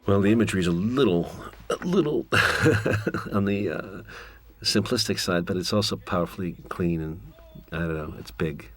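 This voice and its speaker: Low-voiced man rambling through a commentary. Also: moderate pace. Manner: rambling, candid, wry. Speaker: film director giving commentary. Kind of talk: director's commentary, reflective storytelling.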